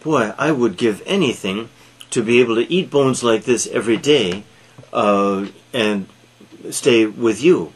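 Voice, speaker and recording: A man's voice: mid-range voice, unhurried, slightly rough. A man voicing an eager hungry dog.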